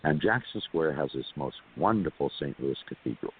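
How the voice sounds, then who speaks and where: Over a thin phone connection with hiss, this guest's extremely low voice moves at a normal speed but with lively intonation. He's from California and wanders through a lengthy personal tale, repeating words and tossing asides to the audience.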